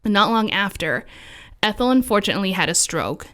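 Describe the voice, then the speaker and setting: A woman's voice: mid-range voice, very animated, fairly quick, fairly bright tone. A woman co-hosting a podcast, telling a ghost story in a casual, chatty way with lots of fillers. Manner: chatty, full of likes and fillers, laughs often.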